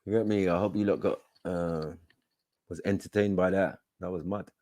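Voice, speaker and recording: A man's voice: low voice, fairly even intonation, normal speed, warm tone. A man, hosting a livestream in a laid-back, slangy way. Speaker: livestream host. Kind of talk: casual livestream talk.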